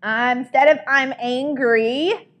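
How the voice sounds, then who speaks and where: Upbeat woman leading a training session, a touch high-pitched, keeps checking in with the room. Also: takes it slowly, fairly bright tone. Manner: upbeat, coaching, often asks "right?". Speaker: sales trainer.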